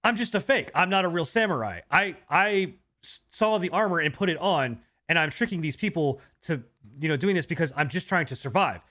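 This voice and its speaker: A man's voice: on the high side, expressive, a little fast, few pauses, pushed and bright. A man putting on the voice of a fake samurai who pleads to be spared, in a whiny, pleading tone.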